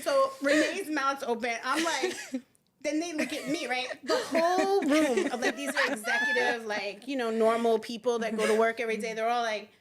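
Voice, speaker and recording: A woman's voice: high-pitched, moderate pace, a crowd in the background. A woman podcast guest telling stories in casual chat, laughing often and acting out what others said. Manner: animated storyteller acting out others' lines.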